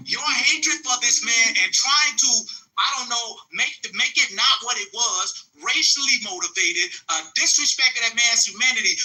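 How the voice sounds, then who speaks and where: A man in a heated live audio-room debate, arguing forcefully and swearing often. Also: very high voice, low-quality recording. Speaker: debate participant.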